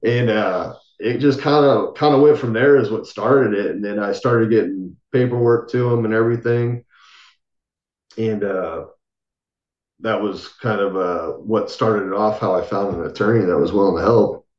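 A man, a military veteran, telling a long personal story in a casual podcast interview, acting out what others said and often trailing off quietly. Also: on the low side, normal speed, echoey room, dull audio. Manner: casual, acts out quoted voices, trails off softly.

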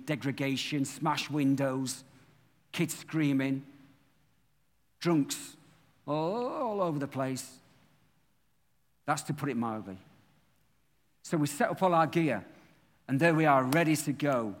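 A man's voice: medium pitch, big-room sound. A man, a pastor preaching a sermon who animatedly acts out the scenes of his story.

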